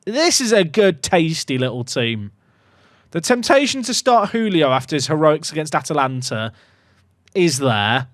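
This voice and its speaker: A man commentating his own football management game, excitable and shrieking at big chances. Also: fairly high pitch, moderate pace, no room sound, clean studio sound. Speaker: gaming YouTuber.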